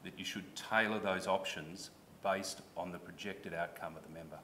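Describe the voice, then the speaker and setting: A man's voice: sits low, normal speed, sharp tone, slight background noise. An Australian man giving formal testimony at a public hearing, earnest and explanatory, restarting when pressed.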